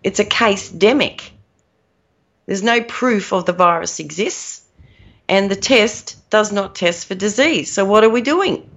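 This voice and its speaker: Heard on dull lo-fi audio, this podcast co-host has a mid-range, fairly bright voice and an unhurried pace. She rambles emphatically in casual conversation, often laughing at what she's just said.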